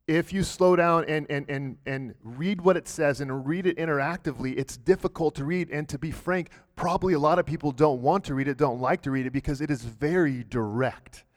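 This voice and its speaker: A pastor delivers an earnest sermon to his congregation, his voice sitting a little high for a man. He often doubles back on words and restarts phrases, then drives on with steady conviction. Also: fairly quick, few pauses. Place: church.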